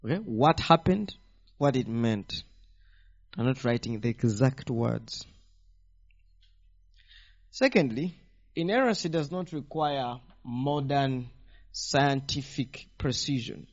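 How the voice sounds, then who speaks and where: A man preaching a teaching sermon, animated and firing rhetorical questions at the congregation. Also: medium pitch, slow, pauses often. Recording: dull lo-fi sound.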